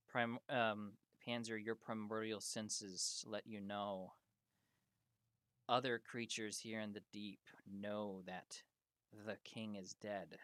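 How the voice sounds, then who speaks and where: A man serving as game master, narrating a tabletop role-playing game in slow, drawn-out descriptive narration. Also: on the low side, a bit bright, clean tone, no room sound, studio quality.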